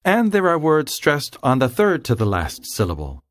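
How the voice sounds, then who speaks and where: A man giving scripted, measured explanations as a language instructor. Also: mid-range voice, huge pitch swings, no room sound, studio quality.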